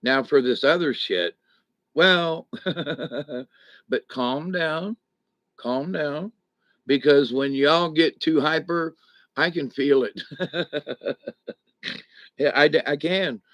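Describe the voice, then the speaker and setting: Talking live to viewers from indoors at home, a middle-aged man recovering from back surgery rambles in a folksy way and chuckles between thoughts. His fairly bright voice is on the high side, slow, with long pauses. The sound is dry and lo-fi.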